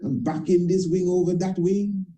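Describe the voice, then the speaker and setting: Speaking at normal speed in a high-pitched, steady, dark voice, a priest and internet show host gives an impassioned talk-show monologue. The recording is rough, and his delivery is emphatic and repetitive, with informal grammar and frequent tag questions.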